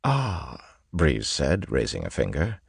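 A man narrating an audiobook with a steady, even reading. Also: rumbling low, a little slow, vocal fry, dry recording, studio quality.

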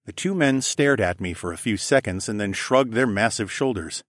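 A man's voice: lowish voice, lively intonation, normal speed, dry recording, clean studio sound. A man narrating a first-person science fiction audiobook.

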